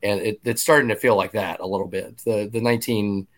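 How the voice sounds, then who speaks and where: A man's voice: on the low side, steady tone. Chatty man in his fifties hosting a podcast. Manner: conversational, restarts and quick asides. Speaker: podcast host. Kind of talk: casual podcast chat.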